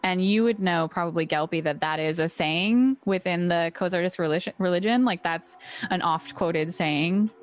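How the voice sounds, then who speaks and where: A woman running a tabletop game as game master, explaining rules in a relaxed, chatty way. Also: fairly low pitch, normal speed, soft background music.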